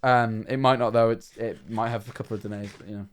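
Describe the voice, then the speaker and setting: A man's voice: medium pitch, steady tone, fast talker, clear, resonant tone. A man, chatting casually on a livestream and telling rambling, jokey stories. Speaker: streamer.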